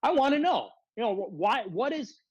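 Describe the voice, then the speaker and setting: A man's voice: extremely high pitch, big pitch swings, normal speed, a little mellow, slightly rough, dry recording, dull audio. A man ranting as a guest on a livestream, confrontational and self-described as a hothead, repeatedly demanding answers. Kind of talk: heated casual rant.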